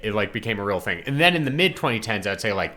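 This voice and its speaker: A young man co-hosts a podcast in easy, casual chat. His voice is bright and forward, and it swings widely in pitch as he tells his stories, often laughing through the lines. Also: fast talker. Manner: animated storyteller, laughs while talking. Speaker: podcast co-host.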